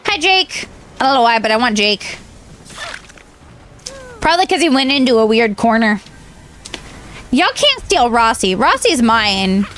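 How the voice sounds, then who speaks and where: A young woman from Southern California, streaming live and chatting casually with her chat, playful and dramatic, with a softened Southern Californian accent. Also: on the high side, sing-song, unhurried, pauses often, slight background noise. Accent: Southern Californian, trained down. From Southern California (San Diego).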